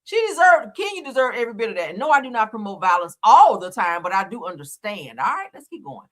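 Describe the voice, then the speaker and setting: A woman's voice: medium pitch, sing-song, fast talker, fairly bright tone. A woman hosting a live reality TV commentary stream, chatty, slangy and opinionated. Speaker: channel host. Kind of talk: casual reality TV commentary livestream.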